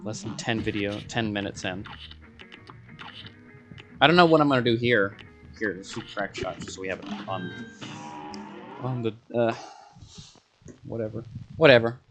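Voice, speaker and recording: Over music, a gaming video creator with a fairly low voice mutters sarcastic asides to himself as he plays, now and then erupting in frustration. His rambling commentary moves at a moderate pace with frequent pauses.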